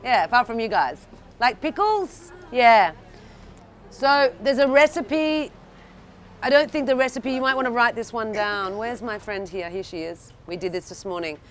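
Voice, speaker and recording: With a fairly high, animated voice at a moderate pace, this Australian woman runs a cooking class in front of a live audience indoors. She keeps things chatty, checks on the group, and restarts sentences frequently, while a faint hiss or hum sits under the recording.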